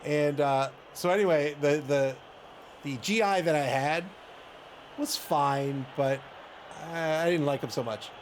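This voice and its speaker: A man casually commentating a tabletop game stream and chatting, self-mocking and quick to laugh. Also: a little high. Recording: audible background noise.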